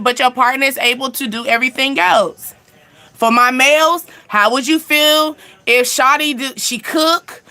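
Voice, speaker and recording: Bright high-voiced young woman, candid live chat. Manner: candid, laughing often, talks straight to viewers. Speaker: live-stream host answering viewer questions. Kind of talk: casual live-stream chat.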